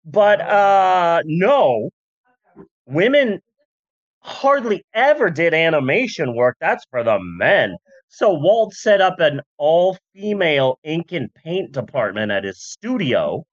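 A comedic podcast host rambling through a story at an unhurried pace, the pitch swinging up and down with every joke and aside. The voice sounds dry and close to the mic. The audio is a bit dull and lo-fi. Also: very animated, no room sound. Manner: rambling, jokey, full of asides and voice bits. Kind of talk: comedic history podcast chat.

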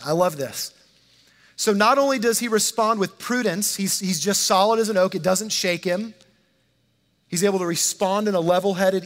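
High-voiced preacher in a reverberant hall. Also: male voice, a bit bright. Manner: conversational preaching, dramatizes quotes, repeats words. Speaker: pastor. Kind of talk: sermon.

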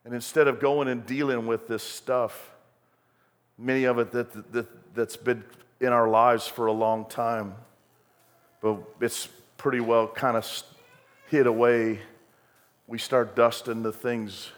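A man's voice: mid-range voice, level tone, a little slow. Folksy preacher man in a reverberant church. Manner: folksy storytelling preacher, rising to emphatic bursts. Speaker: pastor. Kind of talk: sermon. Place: church sanctuary. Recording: long hall reverb.

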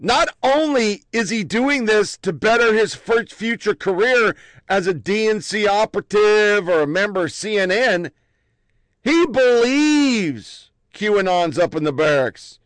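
A man telling army stories in a blunt, profane, animated way. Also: high-pitched, a little slow, dry recording. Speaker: army veteran recounting stories. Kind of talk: profane casual storytelling.

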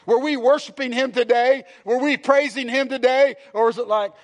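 A man preaches a sermon from the pulpit in a church, his voice pitched unusually high. He talks earnestly, repeats phrases and throws questions out to the congregation. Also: moderate pace. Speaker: pastor. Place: church sanctuary.

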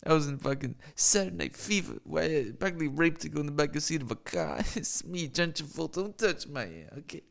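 A man's voice: fairly high pitch, lively intonation, a little fast, creaky, hardly any pauses, voice pushed up. A man doing a comic impression of a boastful aging male movie star, bragging and giggling at himself. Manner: bragging, giggly, self-mocking. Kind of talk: comic impression while streaming.

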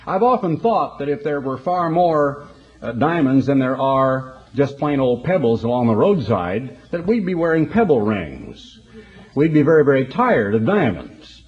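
A man's voice: on the high side, very animated, normal speed, lo-fi sound. A man preaching a broadcast sermon in a folksy, conversational storytelling manner.

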